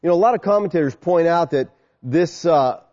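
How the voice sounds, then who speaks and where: Emphatic male preacher, high and animated voice, echoey hall. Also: fairly quick, lo-fi sound. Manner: emphatic, asks and answers rhetorical questions. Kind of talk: sermon.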